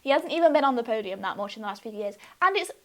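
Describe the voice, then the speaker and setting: Giggly high-voiced young woman. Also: animated, racing. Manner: giggly, gushing, self-deprecating. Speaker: vlogger. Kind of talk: casual chatty explainer.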